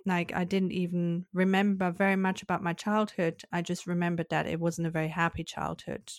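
A middle-aged woman, a podcast guest, telling her life story in a reflective, candid way, with soft laughs and restarts. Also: lowish voice, level tone, a little fast, no echo, studio quality. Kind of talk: personal storytelling.

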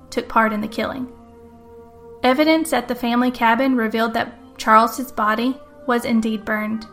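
A woman's voice: fairly high pitch, fairly bright tone. Woman narrating a murder tale over music. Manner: dramatic first-person narration. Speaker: podcast host and author. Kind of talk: storytelling narration.

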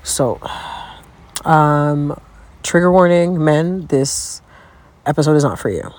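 A woman's voice: deep voice, slow, darkish tone. A young adult woman hosting her own podcast, venting in a profane, exasperated, comic solo rant. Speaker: podcast host.

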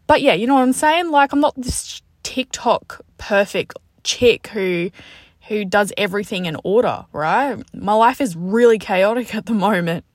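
A woman's voice: lowish voice, no echo, studio quality. A woman hosting a podcast, chatty, upbeat and candid in a casual motivational talk, recorded in a parked car. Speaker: podcast host. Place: parked car after the gym.

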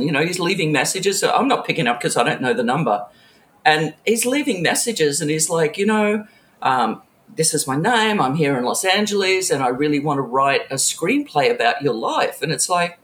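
A woman's voice: low voice, big pitch swings, normal speed, a bit bright, slight background noise. A middle-aged woman telling stories from her music industry career in a casual interview. She laughs often and drops into quoted voices. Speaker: author and music industry veteran.

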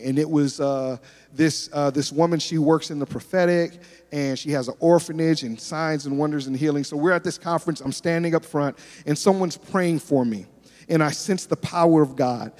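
A male pastor preaches in a high, light voice, his words ringing through the long reverb of a large church hall. He tells animated stories and acts out each person's lines as he goes. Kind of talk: sermon with storytelling.

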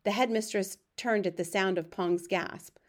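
Woman audiobook narrator, even measured storytelling voice. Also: medium pitch. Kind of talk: scripted narration.

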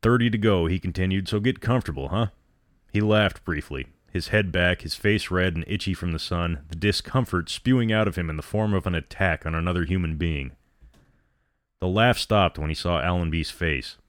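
Deep-voiced man reading a story. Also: moderate pace, a bit bright, no echo, clean studio sound. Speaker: narrator.

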